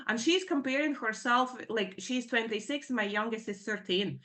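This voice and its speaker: A middle-aged woman giving a personal account in a Q&A session, talking in a halting, rambling way full of fillers and nervous emotion. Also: on the high side, pushed and bright. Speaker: participant in a Q&A session.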